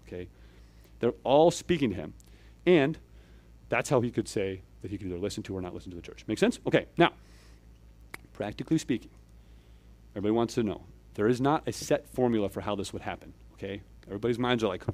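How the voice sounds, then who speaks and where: A man's voice: lowish voice, lively intonation, fast. Conversational male preacher, frequent "okay?". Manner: checks in with frequent "okay?" and "right?"; explains step by step, swings between louder pushes and quiet asides. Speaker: church elder preaching. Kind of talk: conversational sermon.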